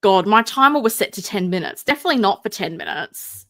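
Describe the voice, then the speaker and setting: Tired, wry Australian woman, bright voice. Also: mid-range voice, big pitch swings, fast. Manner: self-described mumbler, rambling and wry. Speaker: host of a figure collecting livestream. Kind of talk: casual livestream chat.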